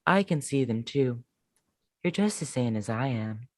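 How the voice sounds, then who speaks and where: A young woman voicing a dreamy, odd young witch with a soft, breathy voice. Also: very deep voice, lively intonation, a little slow, no echo, clean studio sound, heavily acted.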